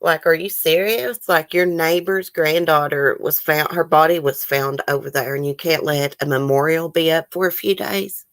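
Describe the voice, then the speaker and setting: A woman's voice: deep voice, steady tone, normal speed, few pauses, no room sound. A woman hosting a true crime livestream, near tears, sighing and talking to viewers in the chat. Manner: emotional, tearful, sighing, talks to chat. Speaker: true crime channel host. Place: home, near the case area.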